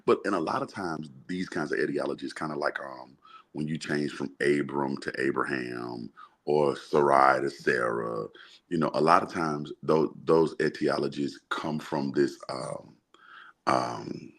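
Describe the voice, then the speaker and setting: Very deep-voiced man, husky. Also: fairly even intonation, a bit bright. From Birmingham, Alabama, US. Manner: explains slowly, often checks in with "right?". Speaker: podcast co-host discussing the Bible. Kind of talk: casual chat.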